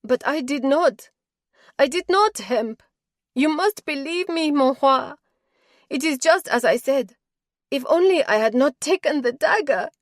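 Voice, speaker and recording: A woman's voice: fairly low pitch, lively intonation, takes it slowly, pauses often, no room sound, studio quality. A woman voicing a distraught young woman accused of murder, pleading in a raised, breathless way.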